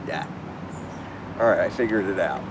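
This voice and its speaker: A man running a casual magic tutorial, rambling and animated, often restarting his sentences. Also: mid-range voice, a little slow. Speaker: magician demonstrating tricks. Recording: distant mic with clear background noise.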